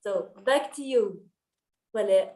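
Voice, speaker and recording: A woman's voice: mid-range voice, slow pace, mellow, echoey room. A woman encouraging members at a club meeting.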